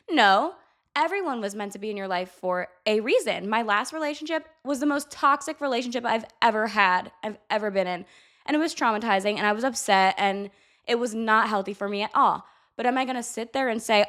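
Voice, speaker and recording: A woman's voice: mid-range voice, fairly quick, fairly bright tone. A young adult woman chatting candidly to camera, giving blunt life advice and swearing casually. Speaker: vlogger.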